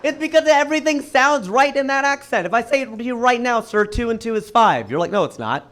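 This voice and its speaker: A man from Ohio performing a stand-up comedy set, telling jokes to a live audience and building up to excited punchlines. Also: very high voice, fairly quick, some chatter behind, slight background noise. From Cincinnati, Ohio, USA. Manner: animated, rising to excited punchlines.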